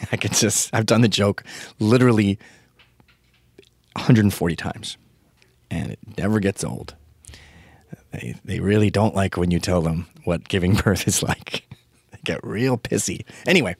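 Fifty-something guy ranting, swears a lot, low voice that jumps around, dry close sound. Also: breathy edge, no echo. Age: 50s. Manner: profane, opinionated, animated. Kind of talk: casual ranting monologue.

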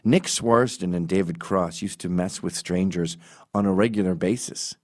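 A man's voice: normal speed, a little mellow. Rambling man telling stories. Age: middle-aged. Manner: rambling, self-correcting, acts out voices in high squeaks. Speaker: comedian. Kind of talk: casual storytelling monologue.

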